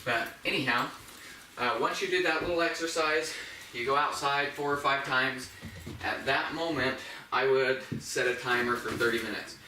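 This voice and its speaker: A man's voice: moderate pace, sharp tone, far from the mic, a little hiss or hum. A man working as a dog trainer, giving a practical step-by-step demonstration at home. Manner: plain, practical explaining, high praise voice to the puppy. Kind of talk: instructional demonstration. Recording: roomy echo, voice off-mic.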